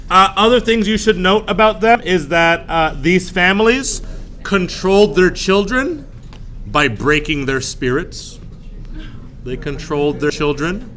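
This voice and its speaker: A male teacher lecturing a classroom, full of jokes and quick acted-out bits. His voice is bright and sharp, sitting a bit higher than most men's. Faint room noise hangs behind him. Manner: lively, jokey, acts out voices.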